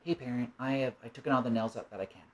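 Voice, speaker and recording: A man's voice: medium pitch, quick pace, close to an everyday voice. Little upset child , voiced plainly by a man, lines blurted out, told as part of a spoken parable. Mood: tentative. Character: very young angry child.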